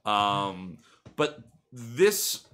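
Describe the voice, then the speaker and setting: Bright-voiced young man rambling casually. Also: on the low side, sing-song, very slow, a little hiss or hum. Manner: rambling, many fillers and restarts. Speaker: podcast host. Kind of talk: casual chat.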